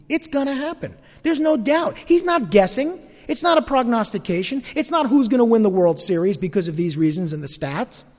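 A male pastor preaching a sermon in a lively, animated way, acting out the voices he quotes. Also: high-pitched. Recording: long hall reverb.

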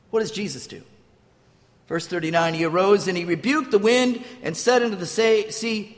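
Older preacher in an echoing hall. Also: male voice, high-pitched, fairly quick. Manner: storytelling with restarts, acts out quotes. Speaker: pastor. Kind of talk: sermon.

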